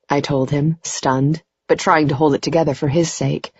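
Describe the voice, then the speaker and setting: A woman's voice: sits low, steady tone, normal speed, breathy edge, dry recording, muffled recording. A woman narrating a first-person romance audiobook in an intimate, emotional way. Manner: intimate, emotional, rising to tearful in dialogue.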